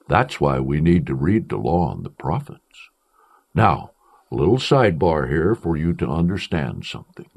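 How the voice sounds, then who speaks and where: Emphatic male preacher, lively pitch. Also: moderate pace, vocal fry, husky. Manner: emphatic, declaiming with swings in pitch and pace. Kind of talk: sermon.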